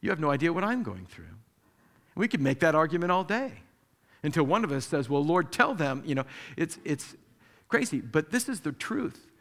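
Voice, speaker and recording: A man preaching a sermon as pastor, animated, acting out the people he quotes with sudden jumps in pitch. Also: normal speed. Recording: long hall reverb.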